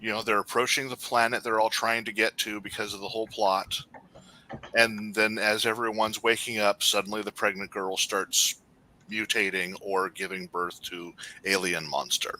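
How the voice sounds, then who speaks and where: A man's voice: lowish voice, little pitch movement, moderate pace, pushed and bright, a little hiss or hum. A man co-hosting a podcast in casual chat, rambling with many restarts as he critiques. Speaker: podcast co-host.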